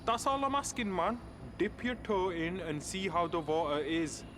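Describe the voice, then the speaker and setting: An actor playing a cheeky young man who jokingly talks his friend into a night of drinking, with lively banter. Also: sits high, moderate pace, natural voice. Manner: jokey, persuasive banter. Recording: game audio with clear background noise.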